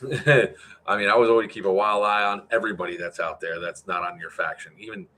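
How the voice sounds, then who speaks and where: A man's voice: lowish voice, steady tone, fairly quick, sharp tone, slight background noise. A man organizing an airsoft event, giving a casual, rambling livestream update full of fillers and answering questions from chat.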